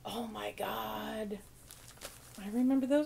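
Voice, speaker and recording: A woman's voice: medium pitch, moderate pace, creaky, darkish tone, a little hiss or hum. A woman hosting a casual podcast, chatting as she opens mail, gushing, laughing often and joking sarcastically about herself. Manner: self-mocking and sarcastic. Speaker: podcast host. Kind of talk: casual unboxing chat.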